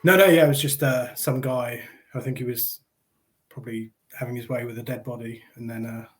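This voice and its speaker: A man casually recapping movie scenes in a low-key, hesitant way with fillers. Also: steady tone, fairly quick. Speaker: podcast co-host. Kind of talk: casual movie review chat.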